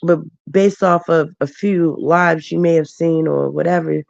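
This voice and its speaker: A woman's voice: low-pitched, steady tone, unhurried, vocal fry, darkish tone, dry recording, dull audio. A woman hosting a late-night livestream chat, emotional and laughing as she answers her viewers by name. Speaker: livestream host.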